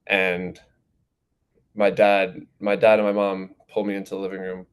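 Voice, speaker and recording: A teenage young man from New Jersey, answering interview questions in a relaxed, rambling way with plenty of fillers. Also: low-pitched, moderate pace, slight background noise. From New Jersey, USA. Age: teens. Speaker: goalkeeper guest.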